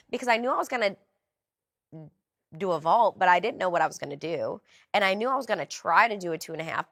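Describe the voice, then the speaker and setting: A woman's voice: mid-range voice, fairly bright tone. A woman in her twenties, a podcast guest, recounting a story candidly and acting out her own thoughts in quoted asides.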